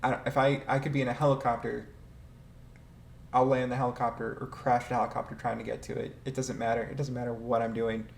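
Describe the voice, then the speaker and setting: A man's voice: medium pitch, flat delivery, fast talker, creaky. A man casually ranking game vehicles, rambling and hesitant, swearing now and then and laughing often. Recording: echoey room with faint ambient noise.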